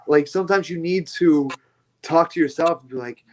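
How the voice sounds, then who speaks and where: A man who wrestles, chatting as a podcast guest and telling stories in an animated, casual way. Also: a little high, moderate pace, a little hiss or hum. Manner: animated storyteller, swears lightly. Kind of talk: casual chat.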